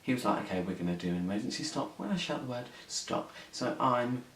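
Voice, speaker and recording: A man's voice: medium pitch, animated, fast talker, fairly bright tone. A young man telling a story on his vlog, sweary, rambling and indignant. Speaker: vlogger. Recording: echoey room, mic at a distance, faint hiss.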